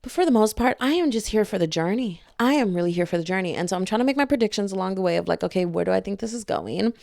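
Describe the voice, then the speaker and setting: Gushing woman podcaster, lively pitch. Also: rapid-fire, creaky, no echo, studio quality. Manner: animated, gushing, laughs often. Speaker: podcast host. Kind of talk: casual book chat.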